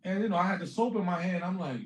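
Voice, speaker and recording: A man's voice: sits high, fast. A man, a guest comedian, telling stories in casual interview chat, acting out quotes and laughing often. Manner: animated storyteller, acts out quotes, laughs often. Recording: echoey room.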